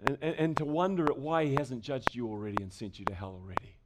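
A man's voice: mid-range voice, expressive, quick pace. A man, a pastor, preaching an emphatic sermon to a congregation and asking it rhetorical questions. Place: church service before a congregation. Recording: loud background noise with clicks.

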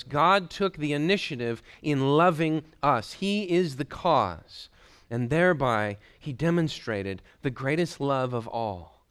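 A man preaching a sermon in an earnest, emphatic way, repeating key phrases and letting his voice drop low at the ends of lines. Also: fairly bright tone, clean tone.

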